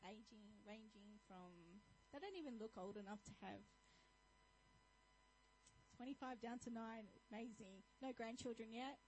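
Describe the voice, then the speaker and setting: A woman's voice: a little high, a little slow, a little mellow, a little hiss or hum, poor audio. A woman hosting at church, introducing the guest speaker in a chatty, stumbling way. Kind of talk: stage introduction.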